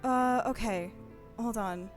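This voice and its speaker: A woman co-hosting a game stream, talking through a puzzle with excitable, profane commentary. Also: fairly high pitch, slow pace, soft background music. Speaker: streamer and co-host.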